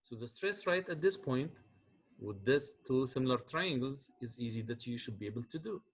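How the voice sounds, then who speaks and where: With lively intonation and a slightly rough, medium-pitched voice, a man teaches university engineering at a normal speed. His lecture walks through calculations step by step, and he frequently checks that students understand.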